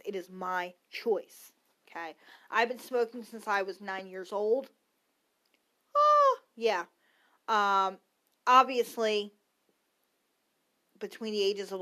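A woman in her thirties hosts her own podcast, her mid-range voice fairly bright. She rants casually and bluntly about her opinions, swearing freely and wandering off into asides.

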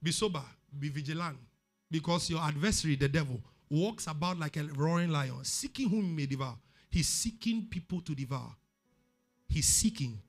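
A man's voice: a little high, expressive, moderate pace, faint music behind. A man with a Ghanaian accent preaching a sermon, emphatic and repeating words for stress. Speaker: pastor.

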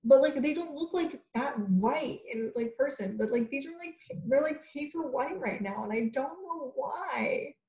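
A woman's voice: high-pitched, animated, normal speed, few pauses, darkish tone. A young woman co-hosting a podcast in casual chat, giggly and rambling, saying "like" a lot. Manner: giggly, rambling, heavy use of "like". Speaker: podcast co-host. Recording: roomy echo.

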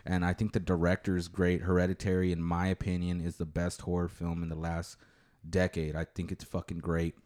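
Host type: low-voiced American guy, casual and profane, lively storyteller who acts out quotes. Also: brisk. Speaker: podcast host. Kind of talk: casual chat.

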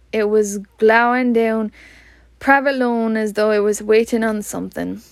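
A woman with a Scottish accent reading a storybook aloud, unhurried, now and then stumbling over words and laughing. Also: medium pitch, creaky, no echo, clean studio sound. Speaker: reader.

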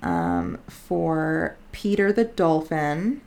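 A woman co-hosting a laid-back podcast, her voice sitting a little low for a woman. She rambles in a chatty way, drifting into tangents and sprinkling in "like". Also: huge pitch swings, very slow, creaky, a little mellow. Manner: rambling and chatty, often says "like". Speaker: podcast co-host. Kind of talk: casual podcast chat.

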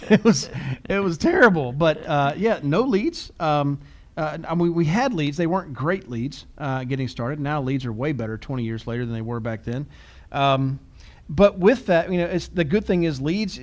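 A middle-aged man with a fairly high voice, co-hosting a casual podcast. He tells stories at his own expense and laughs often as he goes. His talk is loose and conversational. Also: a little mellow. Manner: self-deprecating storyteller, laughs often. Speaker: podcast co-host.

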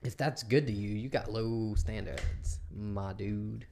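A man's voice: on the low side, fairly even intonation, slow, gravelly, darkish tone, a little hiss or hum. Crude, joking male podcast co-host. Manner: crude, joking, laughs often. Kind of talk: casual chat.

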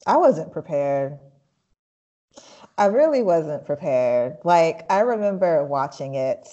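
A woman co-hosting a podcast in casual chat, blunt and excitable, swearing freely. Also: low voice, takes it slowly, dull audio. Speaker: podcast co-host.

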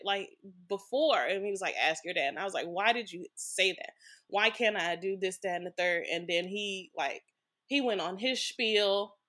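A woman speaks as a podcast guest in a bright, pointed voice. She talks frankly and bluntly, and the swearing slips in without fuss. Her pitch sits in an ordinary middle range. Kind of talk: candid personal storytelling.

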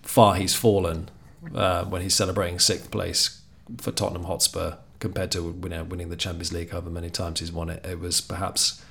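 A man with a fairly low voice, chatting as a podcast guest. He slips in dry, wry remarks as he talks. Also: little pitch movement, fairly quick, creaky, hardly any pauses, fairly bright tone, slight background noise. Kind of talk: casual chat.

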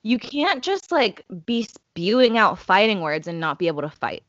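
A woman's voice: mid-range voice, normal speed, no echo, lo-fi sound. A woman co-hosting a casual chat, telling events emphatically and swearing freely. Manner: animated, emphatic storytelling with swearing. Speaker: podcast co-host.

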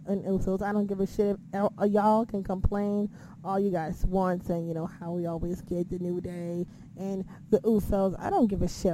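A woman's voice: mid-range voice, mellow, a little hiss or hum, rough recording. A woman casually recapping a wrestling show, swearing freely and acting out her own reactions.

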